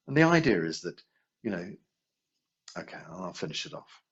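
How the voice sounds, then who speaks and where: A man teaching a healing class in a relaxed, anecdotal way, asking rhetorical questions as he goes. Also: normal speed, long pauses, slightly rough. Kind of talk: conversational teaching talk. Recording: dull low-quality video sound.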